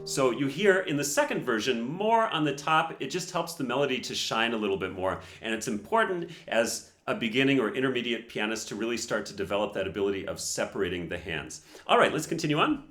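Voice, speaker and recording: A man's voice: medium pitch, big pitch swings, fairly quick, hardly any pauses, fairly bright tone, echoey room. A man reviewing a piano performance and teaching technique in a casual, explanatory way, counting beats aloud.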